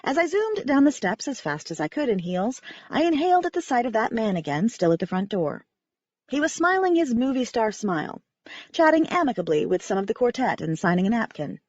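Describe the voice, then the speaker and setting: A woman reading a first-person audiobook in a wry, expressive narration. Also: mid-range voice, no room sound, dull audio.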